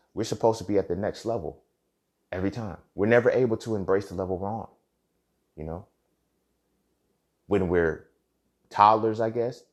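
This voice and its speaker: A man's voice: sits low, a little mellow. A man hosting a podcast, talking in a passionate, conversational monologue, swearing freely and checking in with "you feel me". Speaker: podcast host. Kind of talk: casual monologue.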